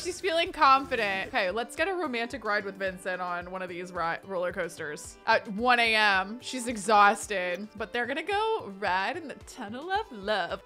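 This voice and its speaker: A young woman talks through her life-sim game in a chatty, animated way, sometimes reading its text aloud. Her voice sits fairly high and sounds bright and forceful. Soft music plays quietly underneath. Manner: chatty and animated, jumping up high for excited squeals. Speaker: gaming streamer. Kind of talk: casual game commentary.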